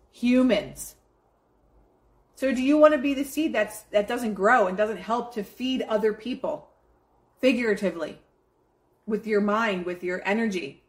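Blunt, profane woman motivational host. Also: fairly high pitch. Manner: blunt, profane, emphatic preaching. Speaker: live-stream motivational host. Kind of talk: casual motivational pep talk to a live chat.

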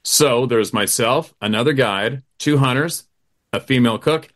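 Middle-aged male hunting guide, swears freely, acts out quotes, forceful tone. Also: medium pitch, unhurried. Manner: animated, profane storytelling with acted-out quotes. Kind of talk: casual chat.

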